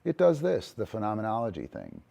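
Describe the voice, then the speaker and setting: A man's voice: on the low side, huge pitch swings, fairly quick, vocal fry, dark tone, lo-fi sound. A middle-aged man hosting a casual talk on dog training, rambling and emphatic, tagging "right?" onto his points and swearing casually. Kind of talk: casual monologue.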